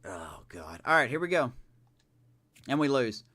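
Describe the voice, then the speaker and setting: A man's voice: mid-range voice, measured pace. A man streaming a baseball video game live, reacting casually and with exasperation as he plays. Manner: animated, talks to himself, exasperated reactions. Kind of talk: casual live gameplay commentary.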